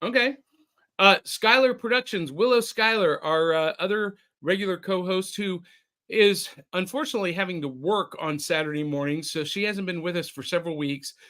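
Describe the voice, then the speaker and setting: High, bright-voiced male podcast host. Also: moderate pace. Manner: chatty, jokey, reads comments aloud. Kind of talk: casual podcast chat, reading listener comments. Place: remote call.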